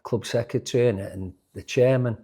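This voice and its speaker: A man, a former footballer telling animated stories in an interview, often restarting his sentences. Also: mid-range voice, normal speed, husky. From Yorkshire, England. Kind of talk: casual interview storytelling.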